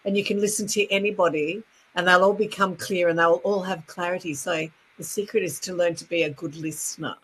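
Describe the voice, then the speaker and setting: An Australian woman talks as a guest speaking coach, her voice sitting a little low. She rattles along in a chatty way with plenty of fillers. A faint hiss runs under the recording. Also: fairly even intonation, a little fast, fairly bright tone, rough recording. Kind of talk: casual interview chat.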